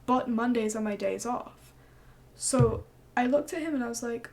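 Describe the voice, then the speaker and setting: A young woman streamer telling a story in casual chat, animated and swearing freely as she acts out what people said. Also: fairly high pitch, moderate pace.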